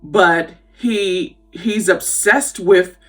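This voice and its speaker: A woman's voice: on the low side, extremely slow, fairly bright tone. A woman giving a casual spoken film review, candid and opinionated, talking conversationally with restarts. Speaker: movie reviewer. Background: faint background music.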